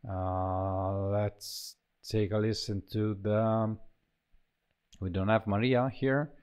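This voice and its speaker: A man walks through a choir sample library, talking casually and haltingly with many fillers and restarts. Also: on the low side, steady tone, a little mellow, clean tone. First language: Italian. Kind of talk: casual software walkthrough.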